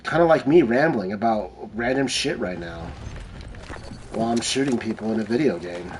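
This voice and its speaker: A man's voice: lowish voice, expressive, moderate pace. A man streaming a shooter game who rambles casually and swears freely between plays. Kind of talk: casual rambling chat while gaming. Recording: noisy, with game gunfire behind.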